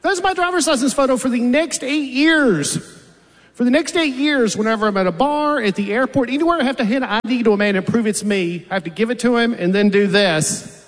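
A man's voice: very high voice, brisk. A man in his fifties doing a stand-up set on a theater stage, telling dry, self-deprecating stories. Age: 50s. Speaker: stand-up comedian. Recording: long hall reverb from a big venue.

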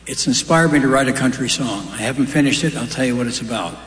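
A man's voice: medium pitch, fast talker, a bit bright, a little hiss or hum. A man telling stand-up jokes in a folksy way, with offhand asides dropped between the punchlines. His voice rings through a large live venue, and the hall's long reverb trails after each line. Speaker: stand-up comedian. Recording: roomy hall with long reverb.

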